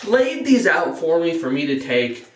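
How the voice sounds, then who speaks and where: A man's voice: measured pace, roomy sound, recorded from a distance. A teenage boy telling a story to the camera in a casual, rambling way, filling every gap with "you know", his nose a little stuffy. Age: teens. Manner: jumps up in pitch on excited parts. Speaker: vlogger.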